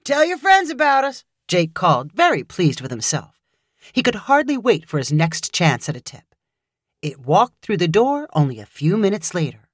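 Expressive woman narrating a story. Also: low voice, normal speed, breathy edge, dry recording, clean studio sound.

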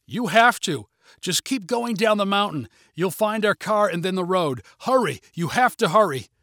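A man's voice: sits high, expressive, normal speed, a bit bright, no echo, clean studio sound, pitched above the performer's own voice. A man voicing a worried father who urges his daughter to hurry and get help. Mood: urgent. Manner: urgent, insistent. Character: worried father, urgent but steady.

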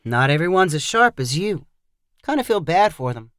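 In an audio short story reading, the narrator voices a relaxed, sincere American drifter who chats warmly and pays easy compliments in an easygoing mood. The voice is mid-range at normal speed, recorded dry with no room sound.

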